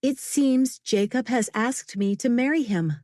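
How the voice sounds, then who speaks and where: A woman voicing a shy, gentle young woman who speaks softly, a little above her narrating voice. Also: on the high side, a little slow, no echo, clean studio sound, voice pushed up, close to an everyday voice.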